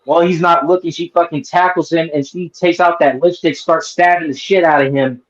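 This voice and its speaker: Male host, casual review chat, profane rambler, slightly high voice, lo-fi sound. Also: fairly even intonation, a little fast. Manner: rambling, profane, many fillers and restarts. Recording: dull lo-fi sound.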